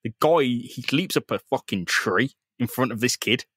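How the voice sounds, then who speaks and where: A man's voice: mid-range voice, moderate pace, fairly bright tone, slightly rough, no echo, clean studio sound. A man, a podcast co-host retelling a comic in casual, sweary banter and acting out the characters' lines. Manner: loose, sweary storytelling that acts out characters' lines. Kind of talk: casual comic chat recapping a comic.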